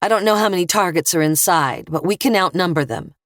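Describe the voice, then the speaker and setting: A woman's voice: fairly low pitch, animated, brisk, no room sound, studio quality, close to an everyday voice. A woman voicing a determined policewoman and mother in an audiobook, direct and urgent. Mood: urging.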